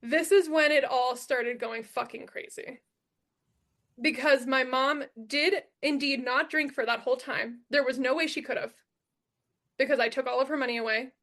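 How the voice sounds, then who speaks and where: High-voiced woman telling a raw story. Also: fairly even intonation, moderate pace, a bit bright. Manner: emphatic, blunt and profane, repeats key lines. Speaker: podcast guest. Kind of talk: storytelling in a podcast conversation.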